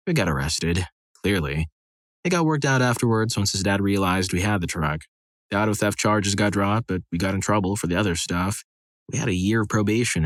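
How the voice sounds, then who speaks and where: A man narrating a series of reader-submitted stories in a steady, scripted storytelling read. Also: fairly low pitch, no room sound.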